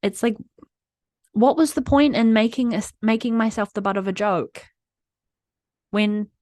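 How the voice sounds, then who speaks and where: A woman's voice: mid-range voice, unhurried, darkish tone, no echo, clean studio sound. A woman hosting her own podcast, talking candidly and openly about her feelings in a rambling way, full of "like". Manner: rambling, heavy use of "like", open and emotional. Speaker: podcast host. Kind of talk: candid solo podcast monologue.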